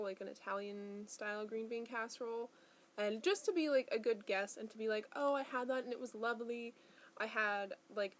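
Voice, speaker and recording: A woman's voice: mid-range voice, slight background noise. A young woman in casual vlog talk, chatty and rambling with lots of fillers, tired and in pain. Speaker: vlogger.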